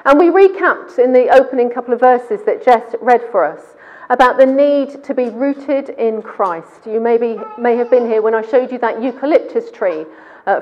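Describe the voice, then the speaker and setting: A woman's voice: on the high side, lo-fi sound. A woman preaching a sermon in church, talking conversationally and quizzing her congregation.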